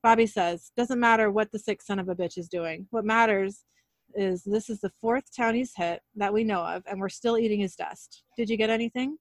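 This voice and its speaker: A woman co-hosting a podcast, casually retelling an episode scene by scene and reading the dialogue aloud in a plain, even way. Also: mid-range voice, moderate pace, no echo, clean studio sound. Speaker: podcast co-host recapping an episode.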